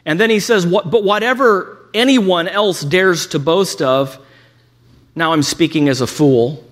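A man's voice: high-pitched, unhurried, fairly bright tone. A man teaching a lecture on scripture, reading quotations aloud and adding ironic asides. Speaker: Bible teacher.

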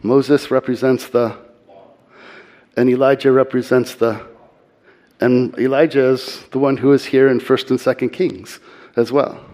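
A man giving earnest sermon-style Bible teaching, slowing and softening his voice for emphasis. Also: medium pitch, steady tone.

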